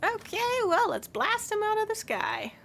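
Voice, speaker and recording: High, lively woman streamer. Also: a little slow, vocal fry, noisy background. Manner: chatty, talks to herself and her pets, swears, squeals. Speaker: let's play streamer. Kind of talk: casual gaming commentary.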